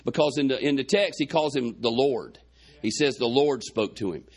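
A man's voice: medium pitch, normal speed, husky. A man preaching a sermon, retelling a Bible story in a folksy way with quoted dialogue, his chest congested.

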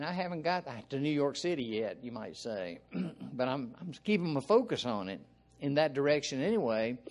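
An older man with a Southern American accent, preaching an informal sermon in a folksy, rambling way with frequent asides and throat clearing. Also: fairly high pitch, darkish tone.

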